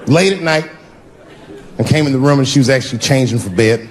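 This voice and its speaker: A male stand-up comedian telling a story on stage, animated and punchy, swearing freely and jumping into voices, recorded live with audience noise. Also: mid-range voice, brisk, a faint crowd.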